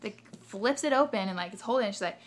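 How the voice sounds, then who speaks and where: A woman's voice: mid-range voice, animated, fast. A young adult woman vlogger telling a rambling story in a casual way, full of fillers and asides.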